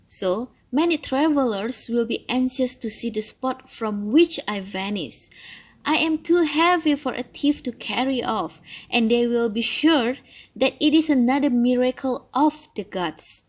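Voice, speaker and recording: A woman voicing an old trapped male turtle who is sly and boastful, talking in a coaxing way that turns loudly gleeful. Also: a little high, lively intonation, a little slow. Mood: scheming.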